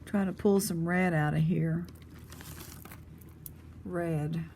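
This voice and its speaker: A woman's voice: lowish voice, fairly even intonation, takes it slowly, warm tone, slight background noise. A woman vlogger chatting casually, rambling between stories as she prices jewelry pieces. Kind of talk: casual chat.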